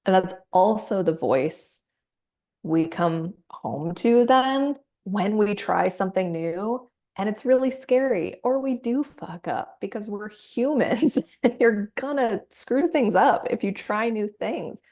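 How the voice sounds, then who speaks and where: A woman practitioner guiding a client through a somatic coaching session, gentle and encouraging. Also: medium pitch, expressive, takes it slowly. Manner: gentle, encouraging, acts out inner voices.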